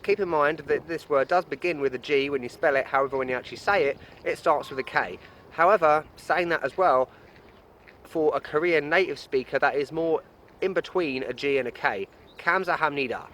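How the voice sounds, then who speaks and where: A man's voice: on the high side, a little fast, fairly bright tone, slight background noise. A young man presenting a cheerful travel guide vlog, explaining things patiently with a self-deprecating manner. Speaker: travel vlogger. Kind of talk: upbeat travel guide to camera.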